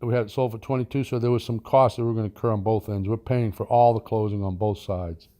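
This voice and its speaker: A man's voice: on the low side, fairly even intonation, fast talker, warm tone. A man who teaches land investing tells a long business anecdote in a rambling, folksy way, with fillers and asides. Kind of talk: anecdotal storytelling.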